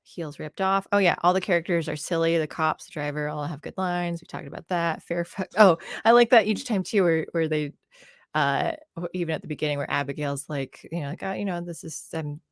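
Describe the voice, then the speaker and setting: A woman's voice: sits low, fairly quick, no echo, clean studio sound. A woman co-hosting a casual movie chat on a live stream, giggly and chatty, acting out quoted lines. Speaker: podcast co-host.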